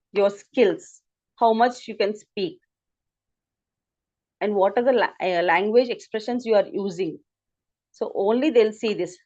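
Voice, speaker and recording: A woman's voice: medium pitch, a little mellow. Indian woman teaching over lo-fi call. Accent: Indian English. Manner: explanatory, repetitive, asks students to confirm. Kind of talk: online class lecture. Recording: lo-fi online call audio.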